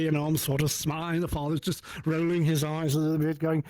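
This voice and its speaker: A man hosting a talk show and telling a personal story in a casual, animated way, acting out the dialogue. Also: on the high side, a little fast, no room sound. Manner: animated, acts out dialogue with many restarts.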